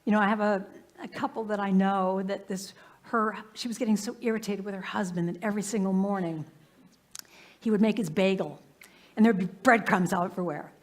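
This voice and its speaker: A woman's voice: mid-range voice, fairly even intonation, brisk. A woman minister giving a sermon in a live church service, telling everyday stories in a conversational way and often saying "you know.". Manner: conversational, warm anecdotes with frequent "you know". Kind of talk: storytelling sermon.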